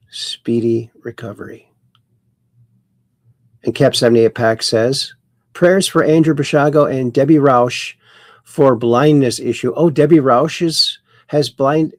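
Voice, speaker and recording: Chatty, gravelly livestream host; a folksy man reading chat comments aloud, in a dry room. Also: medium pitch, takes it slowly, pauses often, no room sound. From Ireland.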